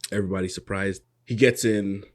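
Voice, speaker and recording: A man with a somewhat low voice chats casually on a podcast, recapping a show scene by scene. He drops into quick impressions of the characters as he goes, then slides back into relaxed storytelling. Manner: animated storyteller, acts out characters' lines. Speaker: podcast co-host. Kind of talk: casual chat recapping an anime episode.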